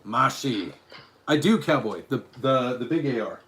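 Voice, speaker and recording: A man's voice: mid-range voice, animated, a little slow, a bit bright. A man from Utah chatting on a live stream, reading his chat aloud and rambling through restarts and asides. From Utah, USA.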